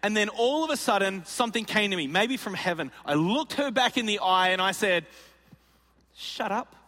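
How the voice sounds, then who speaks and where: Aussie pastor guy, high bright voice, goofy storyteller doing little voices, big echoey hall. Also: animated, moderate pace. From Australia. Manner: playful storyteller acting out voices. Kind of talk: sermon with comic storytelling. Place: large auditorium.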